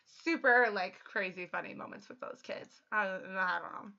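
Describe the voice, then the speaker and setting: A young adult woman chatting casually while streaming a game, excitable and quick to laugh. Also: mid-range voice. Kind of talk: casual livestream chat. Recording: dull lo-fi audio.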